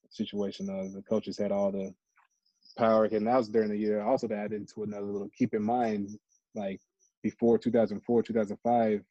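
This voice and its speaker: An American man in his thirties, a podcast guest, telling stories in slangy, animated casual chat. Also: lowish voice, husky, no echo, lo-fi sound. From United States. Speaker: podcast guest, former college football player.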